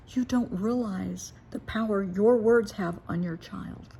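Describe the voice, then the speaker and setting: Earnest woman therapist with a gravelly voice. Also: medium pitch, slow pace, warm tone. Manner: earnest, emphatic, repeats key points. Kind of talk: direct advice monologue.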